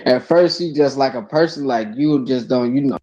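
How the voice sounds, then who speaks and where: A man's voice: mid-range voice, normal speed, warm tone, lo-fi sound. A man, a podcast guest telling stories in blunt, profane street talk. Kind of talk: casual storytelling.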